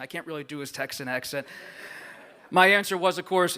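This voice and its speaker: A man with a slightly higher pitch and a bright, forceful tone delivers a prepared acceptance speech at a gala podium. His delivery is earnest and grateful, measured like a written speech read aloud, and it carries through a podium microphone in a large banquet room. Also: smooth. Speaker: award recipient giving an acceptance speech.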